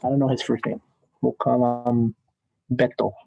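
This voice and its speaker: A man's voice: mid-range voice, level tone, moderate pace, creaky, lo-fi sound, slight background noise. A man teaching statistics in a classroom lecture, chatty and joking as he thinks aloud at the board.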